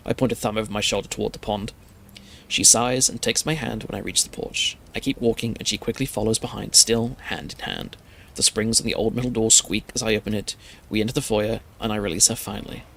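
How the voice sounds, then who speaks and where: Gravelly man telling a scary story. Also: lowish voice, fairly quick, fairly bright tone. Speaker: streamer. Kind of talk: storytelling narration.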